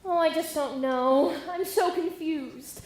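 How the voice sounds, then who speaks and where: A woman's voice: high voice, slow, a little mellow. A woman playing a glamorous young showgirl bride who speaks theatrically in a stage musical. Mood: flustered. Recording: echoey hall, audible noise.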